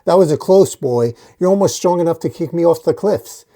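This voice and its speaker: A man voicing a ruthless, boastful male dwarf warlord who threatens with slow, grand declarations. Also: fairly high pitch, a little mellow.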